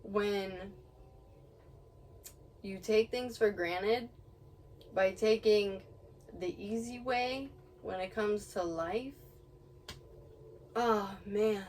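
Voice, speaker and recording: Vlogging outside near her home with birds nearby, a young woman speaks in a mid-range, slightly mellow voice, drawing out words and leaving long pauses. She rambles through a casual motivational rant full of swearing and laughing asides, recorded on a distant mic with faint background noise.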